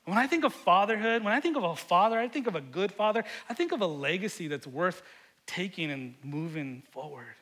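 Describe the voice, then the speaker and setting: A middle-aged man preaching a sermon, earnest and often repeating words, swinging between loud emphasis and hushed moments. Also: high voice, expressive, brisk. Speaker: pastor.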